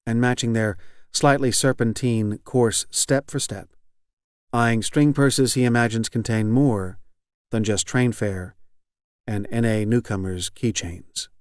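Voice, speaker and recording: A man's voice: medium pitch, fairly even intonation, a little slow, no echo. Dry, close-miked male audiobook narrator. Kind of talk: scripted narration.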